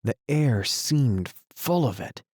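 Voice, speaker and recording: A man narrating a classic children's novel as an audiobook, in a measured, unhurried way. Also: medium pitch, lively intonation, darkish tone, dry recording. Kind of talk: scripted narration.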